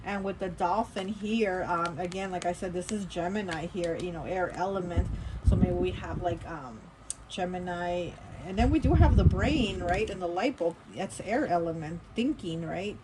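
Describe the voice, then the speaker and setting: A woman's voice: fairly low pitch, normal speed, heavy background noise. A woman giving a casual tarot reading in a rambling, chatty way, with lots of fillers and restarts. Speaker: tarot reader.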